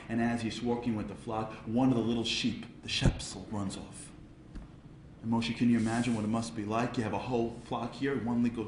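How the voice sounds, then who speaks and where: A man tells a story with comic timing and a mid-pitched voice. He swings between hushed asides and loud, animated peaks. His voice rings in an echoey hall with faint room noise behind. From Brooklyn, New York. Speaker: speaker at a charity event.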